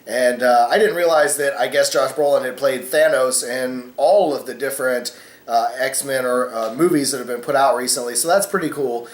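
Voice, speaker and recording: A man's voice: mid-range voice, normal speed, reverberant. A man hosting a casual opinion vlog, rambling with many fillers and cussing freely. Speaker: vlogger host.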